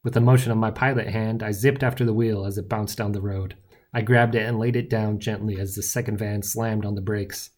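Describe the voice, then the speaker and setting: A man narrating a novel in the first person with wry, lively storytelling. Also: lowish voice, fairly quick. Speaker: audiobook narrator.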